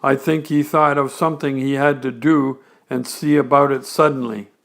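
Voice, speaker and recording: A man voicing a gentle, simple male bear in a bedtime storybook, mild and musing. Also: medium pitch, steady tone, moderate pace, gravelly.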